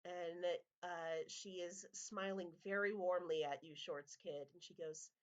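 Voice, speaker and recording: A woman narrating a tabletop game as game master, in relaxed, rambling narration. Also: lowish voice, unhurried.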